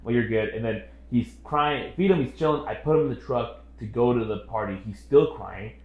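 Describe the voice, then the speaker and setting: A young man co-hosting a casual podcast, telling stories fast and acting out quotes with big jumps in volume. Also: medium pitch, reverberant, muffled recording. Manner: animated storyteller, acts out quotes loudly. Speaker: podcast co-host. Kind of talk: casual chat.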